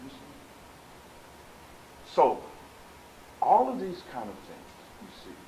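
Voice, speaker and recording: A man teaching as a spiritual leader before a live audience, emphatic, swinging from quiet asides to loud exhortation and speaking straight to his listeners. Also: medium pitch, huge pitch swings, slow pace. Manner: conversational, addresses listeners directly. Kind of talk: preaching lecture with audience questions. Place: meeting room with live audience. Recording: echoey room, faint hiss.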